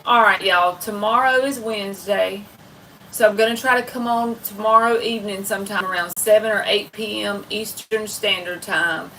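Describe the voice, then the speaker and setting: A woman's voice: medium pitch, steady tone, normal speed, sharp tone, recorded from a distance, a little hiss or hum, poor audio. A woman from the American South with a Southern accent, hosting a casual late-night livestream and chatting folksily with her viewers. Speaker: livestream tarot reader host.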